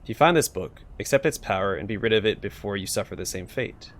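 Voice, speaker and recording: A man voicing a talking skull of a wizard-assassin, with a deep, jocular, scornful delivery. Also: lively intonation, quick pace, slight background noise, close to an everyday voice. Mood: boastful.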